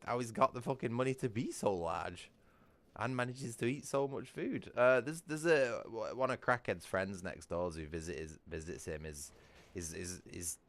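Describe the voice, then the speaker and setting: A man's voice: fairly low pitch, normal speed. A man chatting casually from home while livestreaming a game, rambling and crude, often restarting his sentences and breaking into laughter. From Britain. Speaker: gaming livestreamer.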